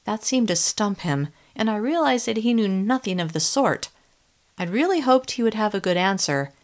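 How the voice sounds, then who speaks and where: A woman narrating a first-person audiobook in an expressive, tense storytelling manner. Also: mid-range voice, normal speed.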